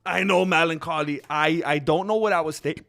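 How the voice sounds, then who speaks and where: Man, channel host, higher bright voice, rambling stream chatter over faint music. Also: steady tone, a little fast, gravelly. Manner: rambling, talks back to chat comments. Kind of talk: casual livestream chat.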